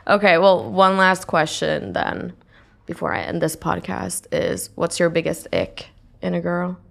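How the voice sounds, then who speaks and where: Podcast host, female, gravelly voice with vocal fry, animated gossipy storyteller. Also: lowish voice, a little slow. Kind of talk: casual chat.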